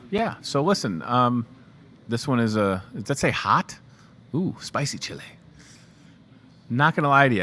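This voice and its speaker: A man's voice: mid-range voice, pushed and bright. Chatty upbeat man hosting a local show. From Chicago area. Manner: chatty, upbeat and joking, talking to the camera and crew. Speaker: local morning show host. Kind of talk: casual live show chat promoting store products.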